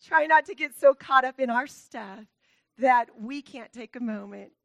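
A woman's voice: a little high, unhurried, gravelly, no room sound. A woman giving an earnest talk to a church congregation, laughing often and growing tearful at times. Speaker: church speaker.

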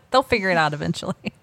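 A woman's voice: on the low side, expressive, brisk, fairly bright tone. A woman co-hosting a casual chat among moms, adding supportive replies and short stories. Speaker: podcast co-host.

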